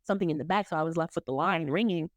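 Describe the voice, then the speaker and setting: A woman's voice: on the low side, racing, dry recording, clean studio sound. A woman co-hosting a podcast, telling stories in casual chat and acting out what people said. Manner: animated storytelling with acted-out quotes and laughs. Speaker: podcast co-host.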